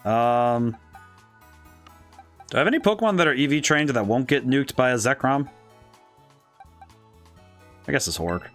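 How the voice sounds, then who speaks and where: A man streaming a video game with a dry, cracking throat, thinking aloud and breaking into excited, disbelieving outbursts. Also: mid-range voice, moderate pace, pauses often, faint music behind. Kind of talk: casual let's-play commentary.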